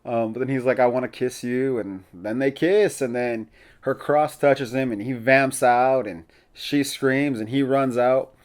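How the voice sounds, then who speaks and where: A man's voice: medium pitch, a little slow. Male podcast host, casual opinionated recap, mid-range voice, laughs easily. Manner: chatty, opinionated, laughs often.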